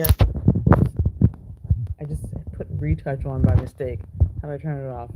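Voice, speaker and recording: A woman's voice: rumbling low, steady tone, moderate pace, vocal fry, pauses often, very noisy. A woman livestreaming from home, chatting casually in a rambling, giggly way. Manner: rambling, giggly, doting baby talk to her cat. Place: home, indoors.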